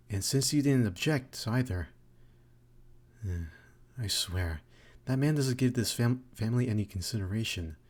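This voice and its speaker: A man's voice: fairly low pitch, a little mellow, breathy edge. A man doing a fussy, worried mother. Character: worried middle-aged mother, nagging and fussy. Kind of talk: let's play voice acting.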